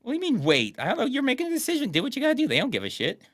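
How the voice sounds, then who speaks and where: A young man riffs on a terrible film with mocking sarcasm. His pitch bounces all over, his tone is bright, and the room sound is dry and close. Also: wildly swooping pitch, very fast, dry recording. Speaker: co-host reviewing a bad movie. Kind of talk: casual comedic commentary.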